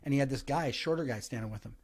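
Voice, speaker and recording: A man, a comedian guest on a podcast, telling stories in an animated way, with frequent restarts. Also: medium pitch, very fast. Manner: animated storytelling, many restarts. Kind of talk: casual podcast chat.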